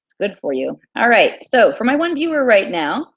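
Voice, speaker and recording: A woman teacher hosting a casual quiz livestream from her small home, chatty and repeating things slowly. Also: on the high side, sing-song, no echo, muffled recording.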